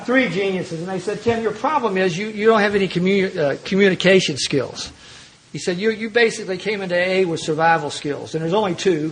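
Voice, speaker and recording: A man's voice: high-pitched, slight background noise, poor audio. An older man from Kentucky, speaking as an AA speaker, telling stories in a folksy, self-mocking way with frequent restarts. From Louisville, Kentucky. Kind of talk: storytelling talk at a recovery meeting.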